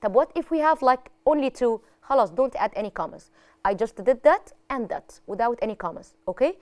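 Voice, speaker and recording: Woman, Egyptian accent, English teacher, slightly high voice, smooth clear tone, stresses example phrases. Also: fairly quick. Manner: switches between English and Arabic explanations, lively stressed example phrases. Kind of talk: classroom lesson on a TV channel.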